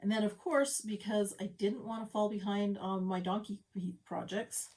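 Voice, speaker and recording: A woman's voice: mid-range voice, fairly even intonation, normal speed, a little mellow. A middle-aged woman showing her cross-stitch projects in a casual home vlog, chatty and self-deprecating with rambling asides. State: a little out of breath. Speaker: stitching vlogger. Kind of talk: casual show-and-tell vlog. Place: home craft room.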